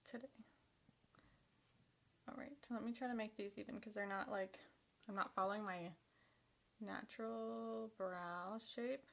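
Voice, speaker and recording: A woman's voice: medium pitch, vocal fry, a bit bright. A young woman chatting casually to herself while doing her makeup for a vlog, sometimes dropping to a half-whisper. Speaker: makeup vlogger.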